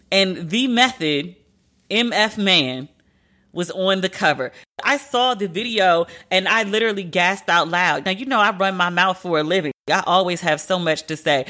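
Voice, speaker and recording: Blunt, animated woman podcast host. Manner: animated, blunt and profane, sharp pitch jumps for emphasis. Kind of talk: casual commentary podcast.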